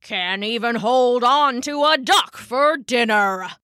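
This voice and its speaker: Brief: a woman playing a gruff, hot-tempered old man for a children's audio story, slow and rough-edged. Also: medium pitch, very animated, dry recording, clean studio sound, full character voice. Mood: angry. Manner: gruff, shouting, muttering. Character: grumpy old man, a hunter easily angered.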